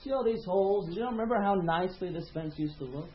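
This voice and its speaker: A preacher voicing a patient father in a story, speaking quietly and calmly to teach his young son a lesson. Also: sits high, quick pace. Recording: roomy, slightly dull sound.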